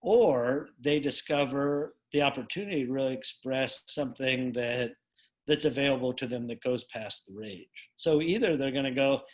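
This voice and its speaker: A man's voice: medium pitch, moderate pace. A middle-aged man teaching a coaching method in casual conversation, playful and acting out both sides of short dialogues.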